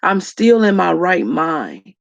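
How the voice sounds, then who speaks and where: A woman speaking slowly and reflectively to her viewers, tearful. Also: on the low side, very animated, vocal fry, no echo, lo-fi sound. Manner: slow, reflective, addresses viewers as y'all. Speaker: vlogger. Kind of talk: emotional personal talk to viewers.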